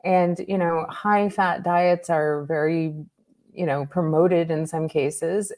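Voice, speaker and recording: A woman naturopathic doctor, a guest on an interview, explaining health topics in a lively way with examples and asides. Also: sits low. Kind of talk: conversational expert explanation.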